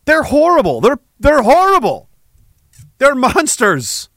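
A man's voice: very high voice, wildly swooping pitch, slow pace, creaky, a bit bright, no room sound. A man hosting a podcast, ranting angrily and with heavy profanity between reading chat messages, with sarcastic asides. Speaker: podcast host.

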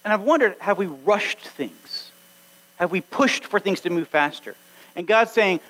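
A man's voice: high-pitched, animated, measured pace, fairly bright tone, rough recording. A man preaching a sermon as pastor to his church, earnest and exhorting, acting out little snatches of conversation. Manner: earnest, exhorting, acts out quoted dialogue.

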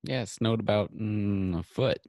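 A man's voice: on the low side, unhurried, darkish tone, dry recording, studio quality. A man co-hosting a casual podcast who talks in a laid-back, understated way. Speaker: podcast co-host. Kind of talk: casual chat.

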